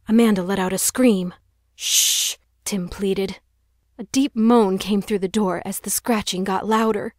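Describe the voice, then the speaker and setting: A woman's voice: medium pitch, a little mellow, no room sound, clean studio sound. A woman narrating a young adult audiobook in a tense, dramatic storytelling manner. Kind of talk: scripted narration.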